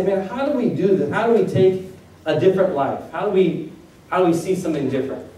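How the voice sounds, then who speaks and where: Man, pastor, conversational sermon, high voice, distant mic, echoey church hall. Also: warm tone. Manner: conversational, joking with the congregation, asks them questions. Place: church sanctuary. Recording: echoey hall recorded from far off.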